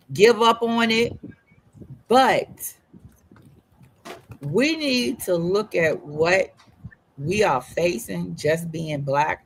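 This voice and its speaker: A woman's voice: lowish voice, poor audio. A woman co-hosting a podcast, talking through tears in an emotional, emphatic way and repeating her words. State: crying. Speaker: podcast co-host. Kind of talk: casual podcast discussion. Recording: faint noise, remote call line.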